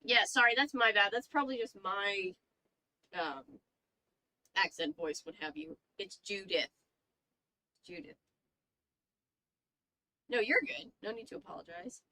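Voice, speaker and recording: Young female streamer, chatty reader, bright tone, dry mic. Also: on the high side, expressive, moderate pace, vocal fry, no echo, low-quality recording. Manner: chatty, reacts to chat, swears casually. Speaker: streamer reading aloud. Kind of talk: casual book reading and chat.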